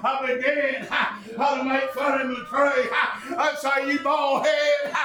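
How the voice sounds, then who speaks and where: High-pitched shouting preacher. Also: male voice, flat delivery, measured pace, a crowd in the background. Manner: chanted preaching with rhythmic "uh" gasps between phrases. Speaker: pastor. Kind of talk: fiery shouted sermon. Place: church service. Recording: echoey church sanctuary.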